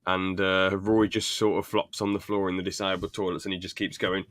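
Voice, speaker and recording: A man's voice: deep voice, level tone, a little fast, a bit bright, no echo. A young man co-hosting a podcast, rambling through sitcom scenes and laughing as he retells them. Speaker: podcast co-host. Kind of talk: casual chat recapping a sitcom.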